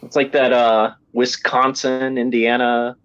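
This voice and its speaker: A man's voice: medium pitch, little pitch movement, unhurried, a bit bright, clear, resonant tone. A man joining a casual film chat, opinionated and rambling through loose lists as he talks. His voice sits in a middle range. The sound is dull and lo-fi, like a cheap mic. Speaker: co-host in a movie commentary.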